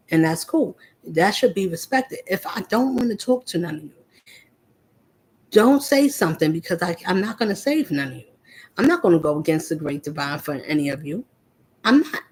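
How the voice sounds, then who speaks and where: A woman's voice: lowish voice, husky. A woman vlogger giving a confrontational spiritual monologue, speaking straight at her listeners. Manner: confrontational, preachy, addresses listeners directly.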